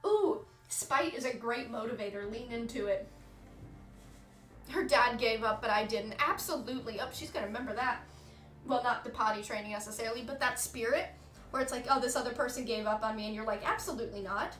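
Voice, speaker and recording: A candid woman in her thirties, chatting to her stream with a slightly high voice and swearing freely. The room is echoey and faint music plays behind her. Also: normal speed, fairly bright tone. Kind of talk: casual chat with live chat.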